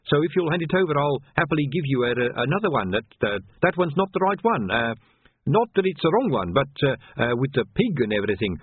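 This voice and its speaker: A man's voice: medium pitch, very animated, slightly rough, no echo, voice pushed up. A man reading a story aloud, voicing an eager, shifty male street pie seller with a wheedling sales patter. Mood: flustered. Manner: fast wheedling sales patter, flustered stammering. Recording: dry, phone-like narrow sound.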